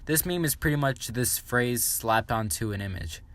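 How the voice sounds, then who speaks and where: A man's voice: mid-range voice, animated, normal speed, a bit bright. Crude sarcastic young man reviewing memes. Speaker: meme commentary YouTuber. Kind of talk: comedic meme review.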